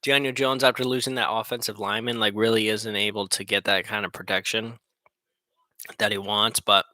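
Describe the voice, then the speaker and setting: A man's voice: fairly low pitch, flat delivery, fairly quick, sharp tone, no echo. A young man giving casual, rambling commentary on a live football game stream, joking and laughing often.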